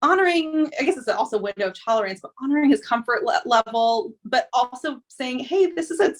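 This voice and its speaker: A woman hosting a podcast, talking in a relaxed, reflective way with many pauses and fillers. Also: fairly high pitch. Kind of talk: casual conversation.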